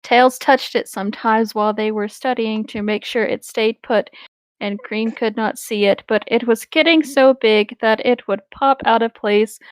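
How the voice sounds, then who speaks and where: A woman's voice: a little high, steady tone, normal speed, clear, resonant tone, no room sound. A woman narrating a silly fan story aloud in an amused, wry manner. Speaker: reader. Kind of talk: comic read-aloud.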